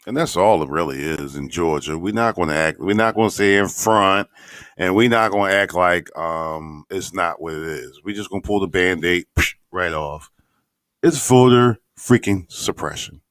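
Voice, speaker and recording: A man's voice: deep voice, no echo, studio quality. Blunt profane man. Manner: blunt, profane, mocking asides. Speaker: radio show host. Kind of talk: casual profane commentary.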